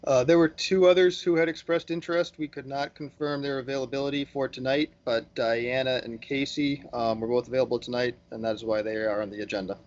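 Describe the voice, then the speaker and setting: A man's voice: mid-range voice, little pitch movement, a little fast, few pauses, a little mellow. A man from town staff answering questions in a public meeting, matter-of-fact. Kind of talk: meeting discussion. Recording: lo-fi video call audio.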